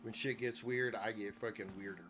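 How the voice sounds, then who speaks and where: A middle-aged man streaming a game, telling a crude story in a loose, profane, excitable way. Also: fairly low pitch, moderate pace, over music. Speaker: gaming streamer. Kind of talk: casual chat while gaming.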